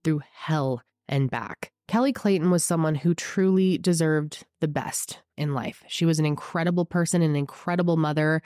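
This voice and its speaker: Hoarse, congested woman hosting true crime. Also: low-pitched, normal speed, few pauses, darkish tone, no room sound, clean studio sound. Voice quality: scratchy. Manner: emphatic, indignant, chatty asides. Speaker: true crime show host. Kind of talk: true crime storytelling to camera.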